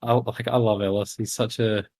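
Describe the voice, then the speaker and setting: A man's voice: on the low side, level tone, moderate pace, darkish tone. A man co-hosting a casual film podcast, talking hesitantly and often trailing off with "I don't know". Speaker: podcast co-host.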